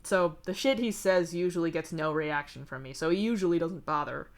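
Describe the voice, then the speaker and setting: A blunt, foul-mouthed young man with a weary, deadpan edge, read aloud by a woman. He talks about his troubles in a wry, lowish voice. The delivery fits a livestreamed fanfic reading. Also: a little fast, creaky. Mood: candid. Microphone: streaming mic.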